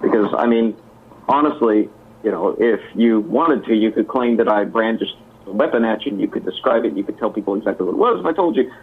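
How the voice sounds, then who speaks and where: A man with a fairly low, husky voice, speaking guardedly and restarting his sentences. The audio is thin and tinny, like a phone line. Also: expressive, fast. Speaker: participant on a group call. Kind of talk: casual call chat. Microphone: computer mic on a video call. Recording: tinny internet call audio.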